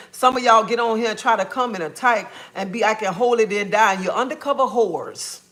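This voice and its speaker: A sassy, blunt livestreamer and mother rants casually to her viewers, addressing them as honey and baby. Her adult woman's voice is medium-pitched and fairly bright, and she keeps tacking "okay?" onto her points.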